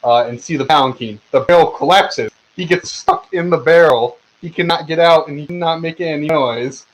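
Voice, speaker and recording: A game master runs a tabletop session over voice chat, his narration meandering and packed with fillers and false starts. He speaks at a moderate pace in a slightly high voice, captured on a low-quality recording.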